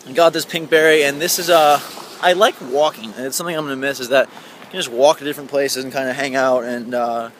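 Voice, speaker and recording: A man's voice: mid-range voice, steady tone, fast, a bit bright, a little hiss or hum. A man in his twenties from Indiana chatting casually in a rambling, upbeat vlog, filmed outdoors at night with a handheld camera. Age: 20s. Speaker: vlogger.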